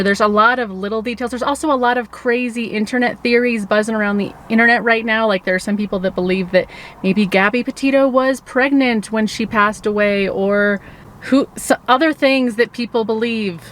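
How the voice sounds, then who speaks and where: A woman's voice: medium pitch, slight background noise. A woman talking earnestly in a casual vlog from her car, with many restarts and asides. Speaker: vlogger. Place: in a car in the mountains.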